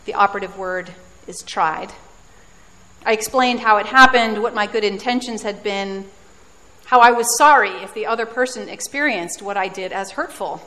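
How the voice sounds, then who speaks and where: A woman's voice: medium pitch, moderate pace, pushed and bright. Female preacher, reflective storytelling sermon with dry self-mocking humor, long hall reverb.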